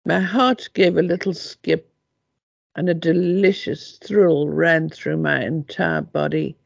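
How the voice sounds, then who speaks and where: An older woman reads from her own memoir in a slow, gravelly voice with a husky edge. The recording is dull and dry, with no room around it. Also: low voice, steady tone, no room sound. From South Africa. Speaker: author reading her memoir. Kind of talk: audiobook reading.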